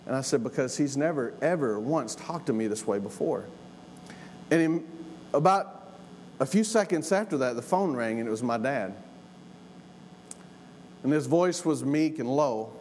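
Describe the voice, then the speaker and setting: A man's voice: mid-range voice, expressive, moderate pace, long pauses, a little mellow. Middle-aged man, sermon storyteller, folksy and earnest, repeats for emphasis; long hall reverb, faint room hiss.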